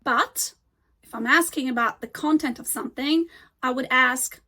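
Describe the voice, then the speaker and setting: A high-pitched woman gives a scripted English grammar lesson. She slows right down to model each example word with care. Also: pushed and bright. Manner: slow, deliberate modeling of example words. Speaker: English teacher.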